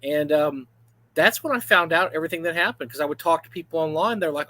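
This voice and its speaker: A man's voice: a little high, fast talker. A man in his fifties co-hosting a casual gaming talk livestream, telling stories with lots of asides. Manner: animated storyteller, full of asides. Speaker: livestream co-host. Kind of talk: casual chat.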